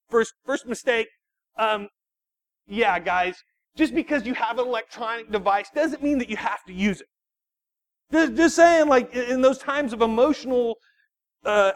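A man, a youth pastor, giving an animated sermon full of personal storytelling and quick restarts. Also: very high-pitched. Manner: animated, self-deprecating storytelling with frequent restarts.

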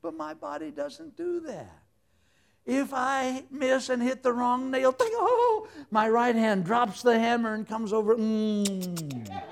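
A man's voice: very high voice, animated, slow pace, creaky. A man preaching a sermon in a folksy, humorous way, full of everyday stories. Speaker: pastor.

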